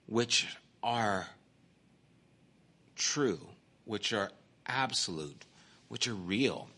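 A man preaching in an earnest, emphatic way, leaning into each point and dropping into chatty asides. His voice has a bright, forward edge. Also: medium pitch. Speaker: pastor teaching a Bible study series. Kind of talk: sermon.

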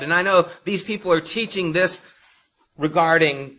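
A male pastor delivers a sermon in a bright, forceful, somewhat high voice. He talks straight to his congregation, leaning hard on key words, then dropping suddenly quiet. The delivery swings between loud emphasis and hushed asides. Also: moderate pace, slight background noise. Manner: expressive, emphatic preaching with sharp swings in loudness; addresses the congregation directly.

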